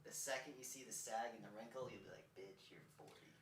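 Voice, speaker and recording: Man, podcast co-host, animated crude storyteller, bright tone, echoey room. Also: mid-range voice, fast, slight background noise. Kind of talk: casual crude banter.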